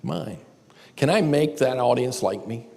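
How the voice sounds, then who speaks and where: A man's voice: mid-range voice, animated, unhurried, gravelly, mellow. A man giving a candid, self-deprecating storytelling talk at a live seminar. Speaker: seminar speaker. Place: large church auditorium. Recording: live hall recording with long reverb.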